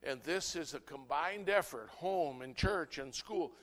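A man, a pastor, preaching an impassioned sermon that swings between loud outbursts and low, earnest asides. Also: animated, a little slow. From United States.

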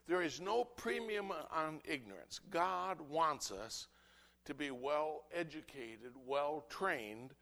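A man, a pastor, preaching an impassioned sermon that swings between loud outbursts and low, earnest asides. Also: animated, slow, creaky. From United States.

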